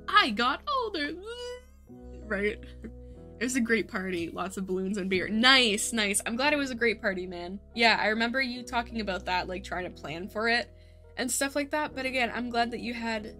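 Woman in her late twenties, casual gaming streamer, bright and talkative, laughs easily, swears a lot, faint music behind. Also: medium pitch. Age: late 20s. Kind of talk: casual gaming livestream chat. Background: light background music.

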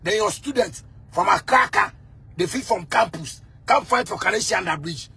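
Ghanaian guy ranting hot, high voice, keeps repeating, yells a lot. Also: animated, moderate pace, vocal fry, slightly rough. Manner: fiery, repeats himself, bursts into shouting. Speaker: musician. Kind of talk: heated rant.

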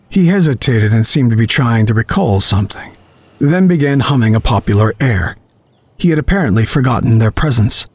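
A man narrating a horror story audiobook in a deliberate, husky voice. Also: medium pitch, animated. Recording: faint music underneath.

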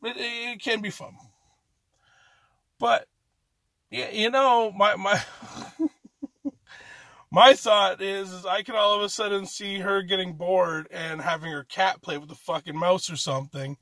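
A man's voice: high-pitched, fairly even intonation, measured pace, long pauses, fairly bright tone, no room sound. A man from Canada doing an amateur stand-up comedy set, ranting profanely in a rambling way and restarting his sentences often.

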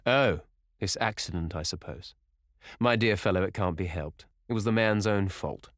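A man's voice: sits low, moderate pace, no room sound, clean studio sound, natural voice. A man doing a cool, detached aristocrat. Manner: calm, detached, drawling.

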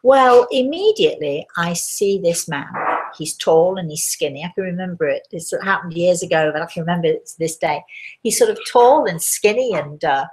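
A woman's voice: on the low side, expressive, normal speed, a little mellow, slight background noise. A woman hosting a live talk, telling stories and answering viewers' questions in a conversational way, with frequent hesitations and restarts. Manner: hesitant, with many restarts and fillers. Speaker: host and spirit medium.

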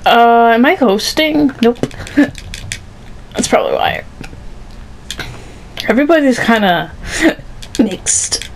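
A woman's voice: fairly high pitch, animated, slow, vocal fry, long pauses, a little hiss or hum, poor audio. A woman chatting casually while playing a video game, laughing often mid-sentence. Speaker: gamer streaming with a friend. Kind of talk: casual gaming chat.

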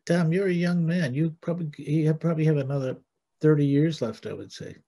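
A gentle, halting man plays a therapist in an improvised comedy session. His voice is mellow and husky, and he speaks earnestly and hesitantly. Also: fairly high pitch.

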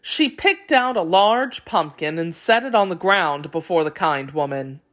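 A woman narrating a children's fairy tale aloud in a clear, expressive read-aloud style. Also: on the low side, measured pace. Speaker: story reader. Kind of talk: storybook narration for young children.

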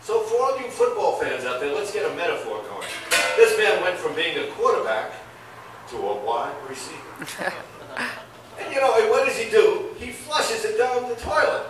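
A man's voice: fairly high pitch, big pitch swings, moderate pace, background noise. Older man doing rambling stand-up. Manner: rambling, laughs at own jokes. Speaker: stand-up comedian. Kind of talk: open mic stand-up. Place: comedy club. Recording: echoey club, far from mic, crowd. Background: audience laughter.

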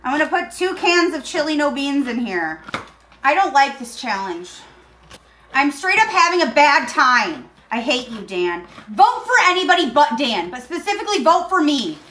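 A woman hosting a comedic cooking tutorial in her home kitchen, talking in an aggressive, deadpan, complaining way while uncomfortable in a costume. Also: sits high, normal speed, echoey room, a little hiss or hum. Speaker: cooking show host.

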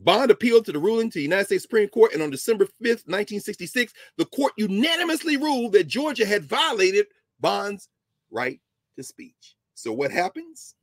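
A man's voice: high voice, big pitch swings, brisk, no echo. A man giving a history lecture on a talk show, telling the story with emphasis and dropping into casual asides.

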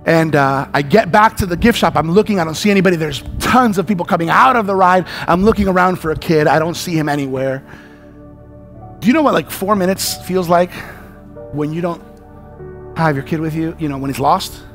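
A man preaching a sermon as a pastor, telling a story with animated delivery and acting out panicked shouts and dialogue. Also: on the high side, fast, soft background music.

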